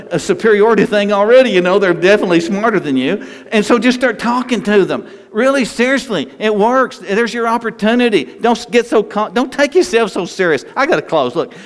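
A man preaching a conversational sermon to a congregation, folksy and joking with the people in the pews. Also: high voice. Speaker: pastor. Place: church sanctuary with congregation. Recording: long hall reverb, faint ambient noise.

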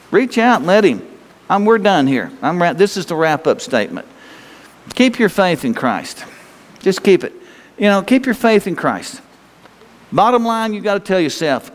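A man's voice: high voice, sing-song, normal speed. A man preaching a sermon as pastor, folksy and exhorting, urging the congregation to speak along. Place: church sanctuary. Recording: long reverb of a church hall.

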